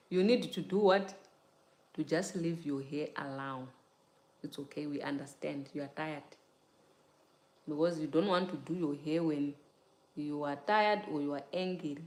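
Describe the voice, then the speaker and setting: A young woman with a slightly low voice chats casually with her livestream viewers about looking after natural hair. She laughs often, calls out viewers by name and keeps asking whether they get it. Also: unhurried, darkish tone, reverberant. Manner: repeats "you get it?" and "child". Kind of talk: casual livestream chat while taking down braids.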